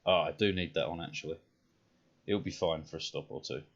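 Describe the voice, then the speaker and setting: A man's voice: deep voice, a little fast, vocal fry, dull audio. A British man streaming a game, ranting bluntly and swearing in casual chat. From Britain.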